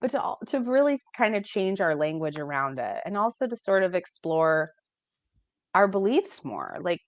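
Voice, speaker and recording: A woman's voice: lowish voice, big pitch swings, moderate pace, no room sound. An American woman in casual conversation, talking animatedly and acting out quoted dialogue, heard over a video call. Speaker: guest life coach. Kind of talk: casual chat.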